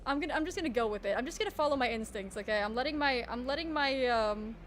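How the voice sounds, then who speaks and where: A woman's voice: on the high side, lively intonation, fast, a little hiss or hum. A woman streamer chatting casually while she draws, self-mocking and full of trailing restarts. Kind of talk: casual live-stream chat while drawing.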